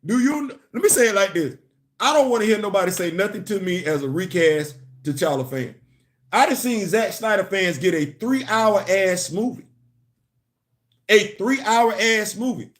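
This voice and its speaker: Guy hosting a comics livestream, kinda high voice, gets loud and animated, repeats himself a lot. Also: moderate pace. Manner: animated, repeats words, laughs and chats with viewers. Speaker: commentary channel host. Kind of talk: casual live-stream commentary.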